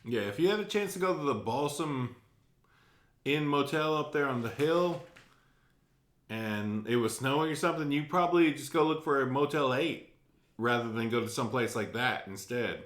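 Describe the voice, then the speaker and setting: A man's voice: medium pitch, animated, moderate pace, fairly bright tone, reverberant. A man co-hosting a podcast, chatting in an easygoing, agreeable way. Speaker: podcast co-host. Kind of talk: casual chat.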